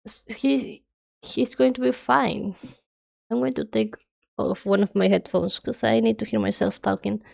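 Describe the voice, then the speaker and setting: A woman's voice: a little high, steady tone, measured pace, vocal fry, a little mellow. A young woman streamer chatting casually and rambling nonstop while she draws, her nose stuffy. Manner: rambling, chatty, self-described yapping.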